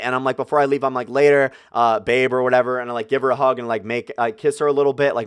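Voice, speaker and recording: A man's voice: medium pitch, fairly bright tone, no echo, clean studio sound. A young man telling a personal story to his viewers, swearing freely and acting out his own angry outbursts. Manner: profane, ranting, acts out his own outbursts. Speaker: vlogger. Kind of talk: casual storytelling.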